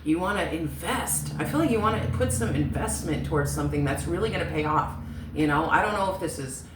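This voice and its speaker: A woman's voice: deep voice, lively intonation, a little fast. A woman giving a casual tarot reading, chatty and emotional, swearing and laughing often. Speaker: tarot reader. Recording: echoey room with faint noise.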